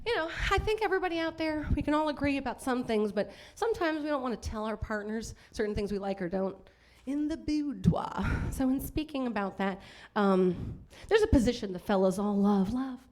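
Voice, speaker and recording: A woman's voice: on the high side, lively intonation, a little fast, hardly any pauses, a little mellow. A woman performing a bawdy live stand-up set in a comedy club, brash and laughing at her own jokes.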